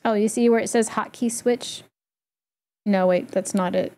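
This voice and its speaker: A woman walking through a software setup in a casual, chatty tutorial, explaining step by step with easy fillers. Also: medium pitch, steady tone, normal speed. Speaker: streamer giving a setup tutorial. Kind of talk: casual screen-recorded tutorial.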